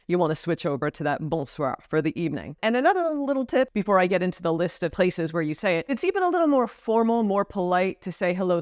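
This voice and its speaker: A woman's voice: on the low side, clean tone, no echo, clean studio sound. A woman vlogger casually explaining etiquette, now and then acting out short example lines.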